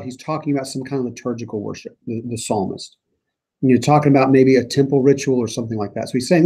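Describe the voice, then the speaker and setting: A man teaching a small church Bible study, his voice mellow and a little husky. He talks in a casual, thinking-aloud way. When he reads scripture passages aloud, he gives them added emphasis. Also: mid-range voice, fast talker. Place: church meeting room.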